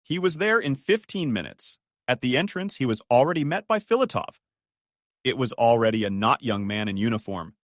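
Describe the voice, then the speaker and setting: Man narrating a melodrama, swinging pitch. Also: very animated, moderate pace, no echo, studio quality. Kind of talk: scripted dramatic narration.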